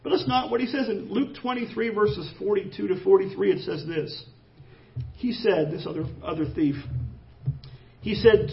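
Gravelly high-voiced man preaching. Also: moderate pace, distant mic. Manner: expository preaching, reads scripture aloud and rises in emphasis. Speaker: pastor. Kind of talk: sermon. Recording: dull lo-fi sermon audio.

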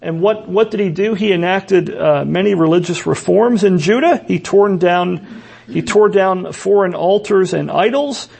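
A man's voice: high-pitched, measured pace, creaky, a little mellow, slightly rough. A man preaching a sermon, asking rhetorical questions and often repeating words as he restarts his sentences.

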